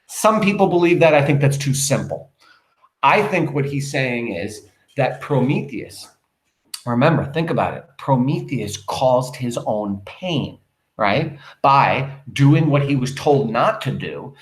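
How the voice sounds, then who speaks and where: Male teacher, lively pitch, echoey room, reads a play aloud and explains it. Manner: animated, questioning, pauses to explain. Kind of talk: reading a play aloud with commentary for students.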